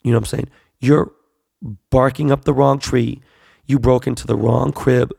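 A man's voice: mid-range voice, flat delivery, moderate pace, gravelly, darkish tone, breathy edge, dry recording, studio quality. A man in a blunt, profane, slangy casual monologue, repeating himself for emphasis.

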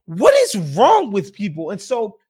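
A man's voice: high voice, huge pitch swings, a little slow, a little mellow, husky. A man hosting a podcast, talking bluntly and animatedly, with plenty of swearing. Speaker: podcast host. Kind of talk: casual opinionated chat.

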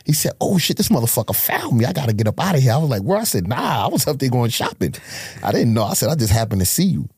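A man's voice: fast, breathy edge, dry recording, clean studio sound. A middle-aged man from Harlem, casually telling his life story in an interview, acting out the voices he quotes. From Harlem, New York. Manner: animated street storyteller, acts out quotes with big pitch jumps.

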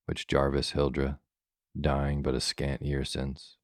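Very deep, calm bedtime storyteller man. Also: no echo, clean studio sound. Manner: slow, soothing, measured.

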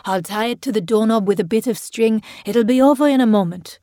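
A woman's voice: mid-range voice, moderate pace, dark tone, no echo, clean studio sound, natural voice. A woman voicing a drunk, jovial, overbearing middle-aged man who talks in a slurred, teasing way. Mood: boisterous.

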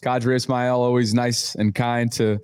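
A man's voice: medium pitch, flat delivery, moderate pace, a little mellow, clean tone. A man co-hosting a talk show, chatting casually in an easygoing, teasing way. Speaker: co-host. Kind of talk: casual chat.

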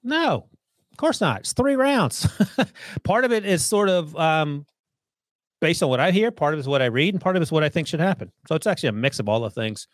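A man's voice: fairly high pitch, very animated, fairly quick, no room sound, clean studio sound. A man who analyzes the football draft, talking confidently and opinionated in a casual podcast chat. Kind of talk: casual sports talk.

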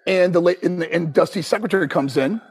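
A man's voice: sits high, fast, husky. A middle-aged man, a guest on a podcast, telling stories animatedly and acting out the people in them. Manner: animated, acts out the people in his stories, laughs often. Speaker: guest, former pro wrestler. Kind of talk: storytelling in a podcast interview.

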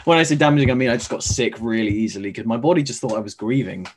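A man's voice: medium pitch, very fast, husky. A man, a stage actor, chatting as an interview guest over a video call, rambling with many fillers and restarts.

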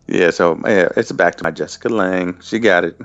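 Very deep-voiced, laughing co-host. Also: male voice, normal speed, fairly bright tone, lo-fi sound, faint music behind. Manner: laughing, easygoing. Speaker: podcast co-host. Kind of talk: casual chat.

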